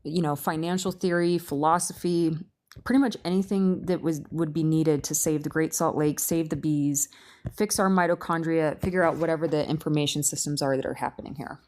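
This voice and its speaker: Woman, lower register, casual and animated presenter reading to a group. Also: brisk. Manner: animated, rhetorical questions, frequent restarts. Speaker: presenter at a meeting.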